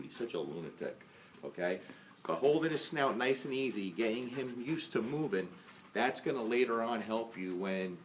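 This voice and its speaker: A dog trainer calmly explaining each step of a training method, patient and often checking in with "okay?". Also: male voice, fairly low pitch. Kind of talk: casual instructional demo. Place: indoors at home with a dog. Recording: faint background noise, mic at some distance.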